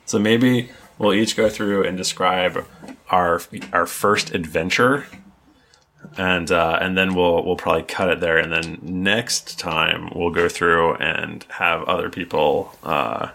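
Low gravelly game master guy. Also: fairly even intonation, slow, bright, forceful tone, a little hiss or hum. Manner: rambling, lots of ums and restarts. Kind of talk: explaining tabletop game rules.

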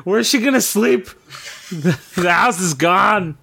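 A man's voice: sits high, lively intonation, slow pace, creaky, bright, forceful tone, breathy edge. A man playing a tabletop game, firing off playful questions and jokes. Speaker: player. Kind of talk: casual tabletop game play.

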